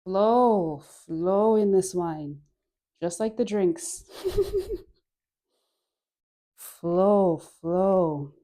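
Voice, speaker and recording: A woman guiding a dance class, coaxing and playful, with breathy sighs and frequent laughs between cues. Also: lowish voice, very slow, dark tone. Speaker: dance instructor.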